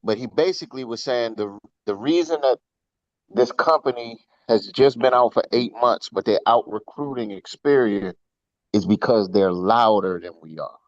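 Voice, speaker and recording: A man's voice: medium pitch, moderate pace, no echo. Man chiming in over dull dry line. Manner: chiming in, affirming. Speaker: team member on the call. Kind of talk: casual chat.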